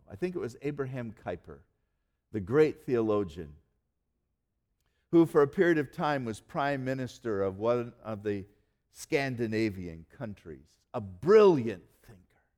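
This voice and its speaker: A male pastor preaching a sermon in earnest, slowing down and dropping almost to a hush to stress key words. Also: mid-range voice. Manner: earnest preaching, slows and drops to near-quiet for emphasis.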